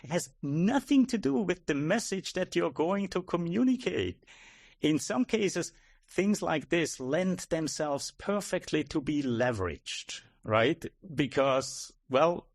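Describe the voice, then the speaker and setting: A man's voice: fairly high pitch, dry recording. Male coach guest, reflective, explains patiently, dry close mic. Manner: reflective, explains with rhetorical "right?". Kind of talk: casual podcast interview.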